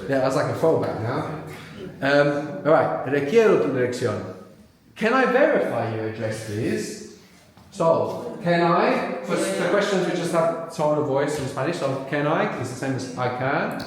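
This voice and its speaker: A man's voice: on the high side, sing-song, measured pace. A man teaching at a live workshop, patiently asking learners questions and walking them through each step. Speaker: language teacher. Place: large live venue with audience. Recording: very echoey hall.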